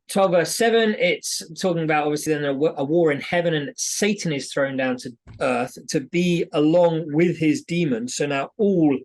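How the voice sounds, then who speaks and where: British guy co-hosting a bible podcast, kinda high voice, eager and chatty. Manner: explains passages eagerly, chatty with fillers. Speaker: podcast co-host. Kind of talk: casual Bible study chat.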